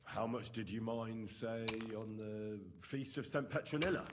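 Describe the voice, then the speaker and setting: A man's voice: lowish voice, a little slow, background noise, lightly acted. An actor playing a polite, curious young man who questions miners in a video game. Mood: inquisitive. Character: curious young male student, polite and earnest.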